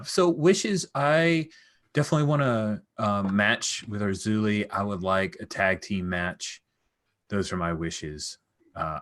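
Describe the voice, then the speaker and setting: Deep-voiced enthusiastic man wrapping up a stream. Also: a bit bright. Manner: enthusiastic, rambling with restarts. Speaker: streamer and player. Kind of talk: post-game wrap-up chat.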